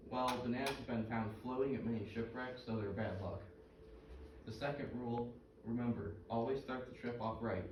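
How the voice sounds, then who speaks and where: A man's voice: medium pitch, normal speed, natural voice. A man playing folksy fisherman Mike, heard from afar. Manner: folksy, joke-telling, full of trivia. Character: chatty middle-aged male fisherman Mike. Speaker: actor in a two-person comedy skit. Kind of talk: scripted comedic dialogue. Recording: roomy, distant, noisy stage recording.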